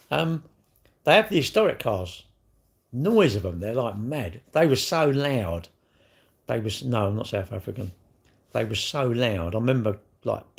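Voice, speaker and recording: A man's voice: lowish voice, vocal fry, darkish tone, breathy edge. A middle-aged man, chatting casually on a livestream in a rambling, blunt way with lots of slang. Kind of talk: casual livestream chat reading viewer comments.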